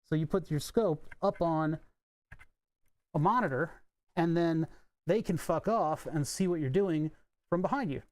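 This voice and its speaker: A man's voice: on the high side, unhurried, pauses often. Wry, rambling man at a workbench. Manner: rambling, wry, swears casually. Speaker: electronics hobbyist streamer. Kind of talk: casual live-stream chat while tinkering. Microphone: desk microphone.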